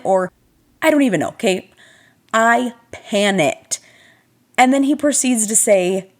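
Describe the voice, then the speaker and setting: A young adult woman vlogger telling a personal story in a chatty, animated, self-deprecating way, talking straight to her viewers. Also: fairly high pitch, moderate pace. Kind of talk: casual storytelling to camera.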